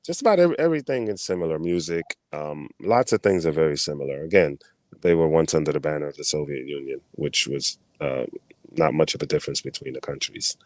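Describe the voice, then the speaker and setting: Man, from New York, very deep voice, interview guest, easygoing, dry sound. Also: brisk, no room sound. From New York, United States. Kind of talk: casual interview.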